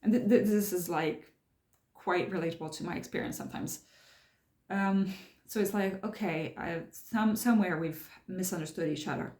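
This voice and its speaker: A woman's voice: lowish voice, moderate pace, a little mellow. A woman casually talking through a book she is reading, explaining it step by step as she thinks aloud. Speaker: channel host discussing a self-help book. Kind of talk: casual spoken book commentary. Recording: roomy echo.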